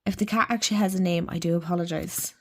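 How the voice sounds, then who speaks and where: A woman's voice: on the low side, steady tone, fast. A woman with an Irish accent, chatting casually and gushing about oracle decks in a rambling way. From Ireland. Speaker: tarot and oracle deck channel host. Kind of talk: casual deck review chat.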